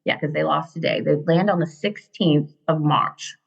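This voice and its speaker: A woman's voice: low-pitched, normal speed, gravelly, husky, lo-fi sound. A middle-aged woman chatting as a podcast guest, telling stories animatedly with many fillers and acting out the people she quotes. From United States. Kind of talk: casual storytelling chat.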